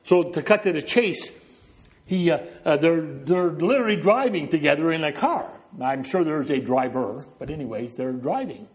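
A middle-aged preacher from New Brunswick, Canada, delivers a sermon and tells stories while pacing back and forth and illustrating with gestures. His voice is fairly high and expressive, at a normal speed.

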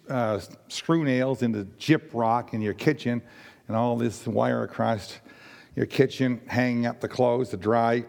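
An older man from Nova Scotia with a raspy voice, giving a rambling personal testimony to a church congregation with many fillers and restarts. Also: medium pitch, darkish tone, big-room sound.

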